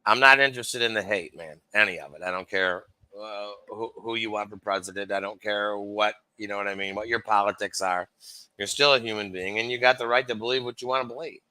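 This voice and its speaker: Animated man telling stories on a call. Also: fairly low pitch, brisk, clean tone, dry recording, low-quality recording. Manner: animated, acts out quoted dialogue, swears casually. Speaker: guest. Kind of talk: casual storytelling on a video call. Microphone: video call.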